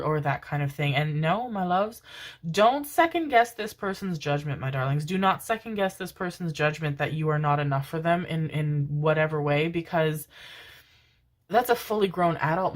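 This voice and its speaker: A woman giving a pick-a-card tarot reading, affectionate and rambling, with casual swearing. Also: sits low. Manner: affectionate, calls listeners "my loves", casual swearing; rambling, many fillers and restarts. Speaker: tarot reader.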